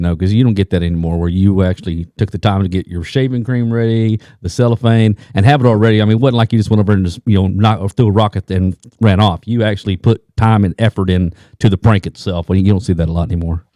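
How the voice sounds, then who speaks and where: A man co-hosting a podcast, chatting casually and reacting quickly to the story. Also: fairly low pitch, dark tone, dry recording, clean studio sound. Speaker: podcast co-host. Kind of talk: casual chat.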